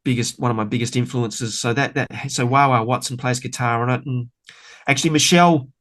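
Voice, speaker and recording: Middle-aged man, bass-player guest, chatty and enthusiastic, loose rambling delivery. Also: fairly quick, fairly bright tone. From Australia. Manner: enthusiastic, rambling, many fillers. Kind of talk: casual podcast interview.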